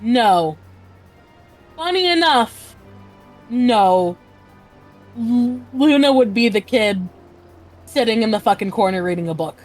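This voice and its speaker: A woman's voice: on the high side, lively intonation, takes it slowly, long pauses, a little mellow, soft background music. A young woman streaming a game live, swearing freely and putting herself down. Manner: swears a lot, self-deprecating. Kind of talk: casual live gameplay chat.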